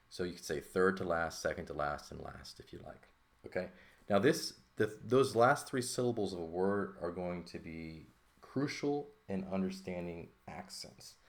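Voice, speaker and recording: A man's voice: low-pitched, creaky. A man teaching a recorded lesson in a casual, thinking-aloud way, often checking in with "okay?" and "right?". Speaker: Greek teacher. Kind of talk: informal recorded lesson, writing on paper.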